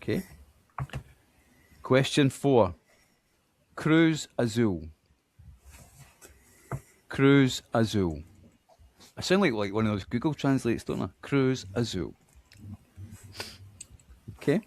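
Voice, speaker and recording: A man's voice: mid-range voice, expressive, dry recording. Scottish man hosting a quiz. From Scotland. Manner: chatty, self-deprecating, reads names out slowly. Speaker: quiz host.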